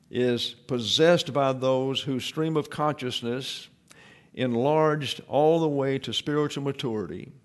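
A man giving an expository Bible lesson in a measured, explanatory way, with pauses and fillers. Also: mid-range voice. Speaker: Bible teacher.

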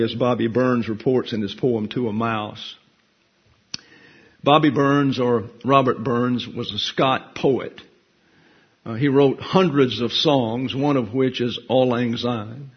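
A man delivers a conversational sermon full of self-deprecating jokes. His voice is slightly husky and sits at a middle pitch. The recording sounds dull and lo-fi. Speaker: pastor teacher. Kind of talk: folksy sermon.

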